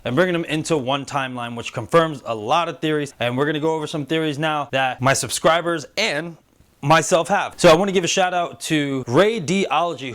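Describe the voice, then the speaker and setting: A man hosting a casual spoiler review show, excitedly retelling scenes and acting out the characters' lines. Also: on the high side. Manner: excitable, animated retelling with quoted voices. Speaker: show host reviewing a TV series.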